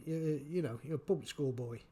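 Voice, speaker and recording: A man giving casual spoken commentary, halting and repeating his words, chuckling often. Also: mid-range voice, warm tone, slightly rough. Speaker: vlogger.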